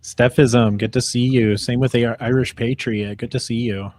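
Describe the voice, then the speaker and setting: A man co-hosts a livestream talk show with short, easygoing remarks. His voice is husky and a little raspy. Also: medium pitch, fairly even intonation, moderate pace, darkish tone, no echo. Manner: brief, easygoing interjections. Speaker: co-host. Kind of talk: casual livestream chat.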